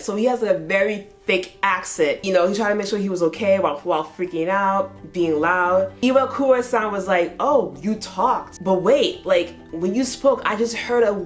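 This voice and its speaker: A young woman reviewing a manga in a casual spoken way, full of "like" fillers. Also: medium pitch. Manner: chatty, heavy use of "like" fillers.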